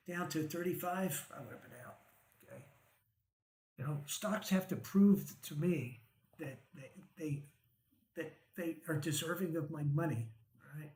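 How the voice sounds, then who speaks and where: On a rough, roomy-sounding recording, a man with a slightly high voice hosts a stock market show. He goes over the charts in an easygoing, chatty way, often asking "right?" or "okay?" and chuckling wryly.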